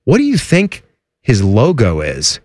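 A man's voice: unhurried, no echo. A man co-hosting a sports radio show in casual, joking chat. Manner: animated, jumps high in pitch when joking.

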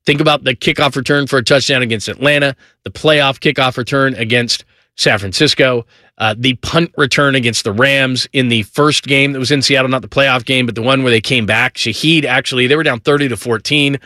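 Guy doing football talk, rattles off names fast, crisp bright voice, no room echo. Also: mid-range voice, steady tone, studio quality. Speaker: sports talk host. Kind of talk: casual sports commentary.

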